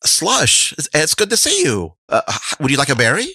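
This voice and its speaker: A man voicing a gentle, kindly man who speaks softly and haltingly. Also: fairly high pitch, huge pitch swings, slightly rough, no echo, studio quality, voice pushed up, heavily acted. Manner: warm, soft-spoken, halting.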